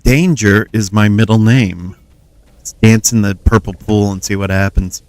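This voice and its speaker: A man's voice: lowish voice, fairly even intonation, unhurried, a little mellow, no room sound. A man from the Midwest, chatting playfully while streaming a game and joking with his viewers. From Cincinnati, US Midwest. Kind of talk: casual gaming commentary.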